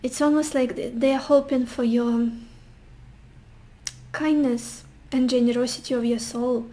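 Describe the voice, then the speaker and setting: A woman's voice: on the high side, fairly even intonation, measured pace, mellow. A young woman giving a casual tarot reading, musing intuitively with sassy asides. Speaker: tarot reader.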